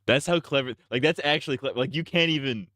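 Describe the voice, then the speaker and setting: A man streaming, talking to himself as he works out parody song lyrics, trying lines out loud with bursts of sung falsetto. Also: quick pace, dry recording, studio quality. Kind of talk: casual livestream chat.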